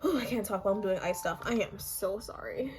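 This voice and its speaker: A young woman with a hoarse voice, chatting casually and a little self-deprecatingly while walking through her makeup routine. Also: mid-range voice, fairly quick, soft background music. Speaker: makeup vlogger. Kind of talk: casual makeup tutorial chat.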